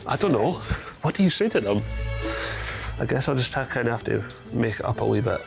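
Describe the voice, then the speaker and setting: A man's voice: mid-range voice, expressive, brisk, creaky, over loud music. A Scottish man chatting casually to camera, awkward and self-deprecating. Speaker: father standing in as Santa.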